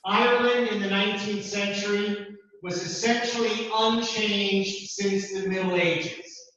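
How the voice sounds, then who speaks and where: A man giving a classroom lecture with a measured, deliberate delivery and emphatic repeats. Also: sits high, steady tone, a bit bright. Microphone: distant room mic, also streamed to Zoom. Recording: distant, echoey, dull hall recording.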